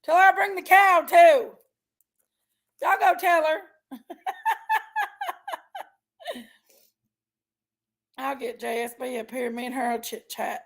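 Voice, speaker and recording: A woman's voice: high voice, steady tone, moderate pace, creaky. A woman hosting a casual livestream, chatting in a folksy way and greeting viewers by name. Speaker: livestream host.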